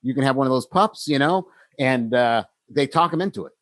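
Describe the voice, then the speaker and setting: A man's voice: mid-range voice, animated, brisk, a bit bright, no echo. A man co-hosting a podcast, retelling story scenes in a casual way and acting out the characters' lines. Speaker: podcast co-host.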